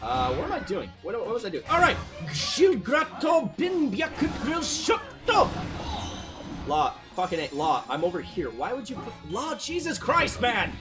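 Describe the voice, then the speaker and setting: A man co-hosting a video game let's play, goofy and loud, with sudden shouts and swearing. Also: very animated, a little fast, few pauses, music in the background. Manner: goofy, loud outbursts, swearing, put-on deep voice. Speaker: gameplay co-host.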